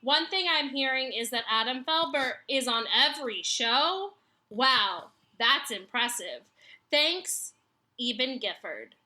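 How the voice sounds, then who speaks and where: A woman reads listener letters aloud on a comedy podcast. Her voice is high and bright, and her pace is slow and measured. She sounds amused as she reads. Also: animated. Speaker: podcast producer reading listener mail.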